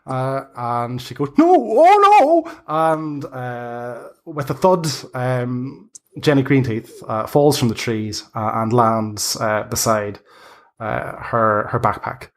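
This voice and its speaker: A man narrating as game master in a tabletop game. He lays out the scene in a halting, unhurried way, stopping often and restarting his phrases. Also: medium pitch, fairly even intonation. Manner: halting, many ums and restarts.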